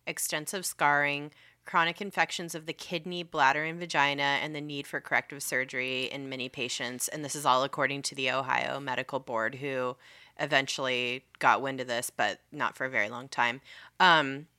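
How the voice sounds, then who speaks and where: A woman's voice: rumbling low, fairly even intonation, moderate pace, bright, forceful tone. A woman co-hosting a casual true-crime podcast, recounting facts and swearing freely. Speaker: podcast co-host.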